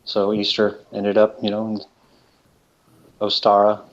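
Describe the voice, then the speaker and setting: A man with a low, flat voice talks casually and loosely, stopping often to hunt for words. The sound is dull and lo-fi, like stream audio. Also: unhurried. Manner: rambling, hesitant, with many fillers. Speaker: co-host of a live stream. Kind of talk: casual live-stream chat.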